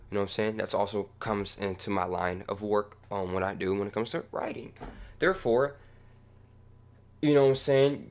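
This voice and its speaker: Profane young man ranting casually. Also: on the low side. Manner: rambling, profane, swings from mumbling to heated ranting. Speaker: music channel creator. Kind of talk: casual reaction vlog.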